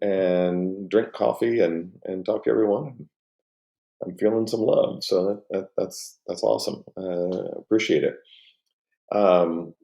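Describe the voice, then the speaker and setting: Man, middle-aged, casual stream chat, rambling with restarts, low voice, echoey room. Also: warm tone. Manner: rambling, many restarts and fillers, emotional. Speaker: company co-founder hosting a live stream. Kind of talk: casual live-stream chat reading comments. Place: at home.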